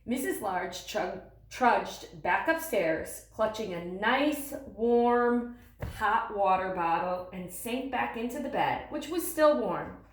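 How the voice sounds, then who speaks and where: Expressive woman reading a picture book. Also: medium pitch, slow pace, reverberant, rough recording. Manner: expressive with asides to listeners. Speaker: storybook reader. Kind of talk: picture book read-aloud.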